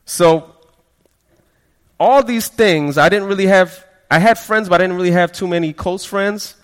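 At a measured pace and with a clean tone, a man with a slightly high voice preaches his personal testimony in a relaxed storytelling style. He tends to repeat a word he catches on, quotes people in a quieter voice, and a long reverb carries his voice as though in a large hall.

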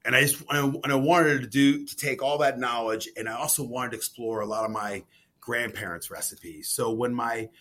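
A man talks as a podcast guest in an ordinary mid-range voice, spilling out stories in an excitable, rambling rush and tripping over his restarts. He sounds a little worn from jet lag. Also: mid-range voice, a little fast. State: jet-lagged. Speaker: cookbook author guest. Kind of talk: casual podcast interview.

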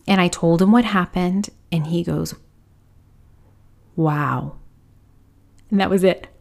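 Gravelly-voiced woman podcast host. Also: lowish voice, steady tone, brisk. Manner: confessional, quoting others in hushed whispers. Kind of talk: personal storytelling.

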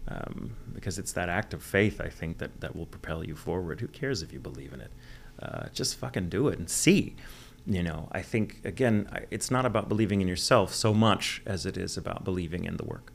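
A man's voice: low voice, lively intonation, a little fast, creaky. A man from the United States, a voice actor guest, chatting candidly in a rambling interview and swearing freely. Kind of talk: casual interview chat.

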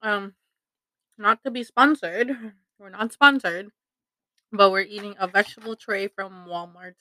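A woman's voice: medium pitch, a little slow, bright, forceful tone, no room sound, low-quality recording. A young woman from Toronto co-hosting a casual podcast chat, laughing and snacking as she talks and swearing casually. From Toronto, Canada. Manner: laughs often, eats while talking, swears casually. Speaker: podcast co-host.

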